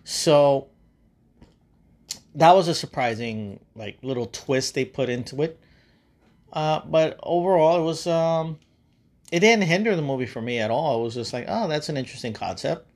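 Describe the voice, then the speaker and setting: A man's voice: fairly high pitch, expressive, measured pace, long pauses. A man hosting a podcast in casual chat, rambling and swearing freely between laughs. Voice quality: rambling, profane, laughs often. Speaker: podcast host.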